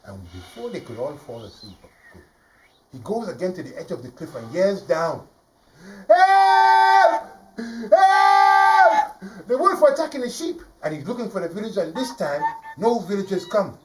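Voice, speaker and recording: Man, live storyteller, animated swooping pitch, playful, studio audience, distant mic. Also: a little fast, background noise. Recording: voice from a distance, faint ambience.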